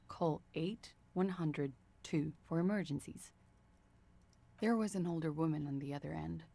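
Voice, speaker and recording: A weary, evasive young woman under questioning talks in a low voice with a creaky edge. She sounds guarded and tired, pleading her case in a video game. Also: darkish tone.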